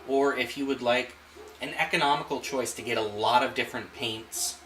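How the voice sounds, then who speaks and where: A man hosting an art channel, walking through a painting demonstration in a relaxed way and thinking aloud as he works. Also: medium pitch, normal speed, reverberant, a little hiss or hum, rough recording. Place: home art studio.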